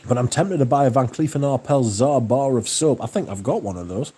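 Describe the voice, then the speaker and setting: A man hosting a livestream, chatting casually and reading out viewer comments, relaxed and enthusiastic with plenty of swearing. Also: mid-range voice, a little fast, breathy edge. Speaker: livestream host.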